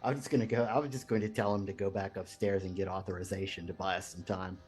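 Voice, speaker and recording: A man playing a tabletop role-playing game who speaks hesitantly, with many pauses and restarts. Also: low-pitched, steady tone, darkish tone, soft background music. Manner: hesitant, full of ums and restarts. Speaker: player. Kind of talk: casual tabletop play.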